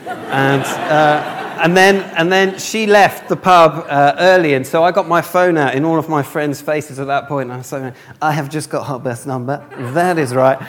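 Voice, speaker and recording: Man, young adult, from the north of England, self-mocking preacher, acts out the dialogue, fairly high voice, echoing hall. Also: moderate pace, a bit bright. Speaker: speaker. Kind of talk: storytelling sermon. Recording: long hall reverb.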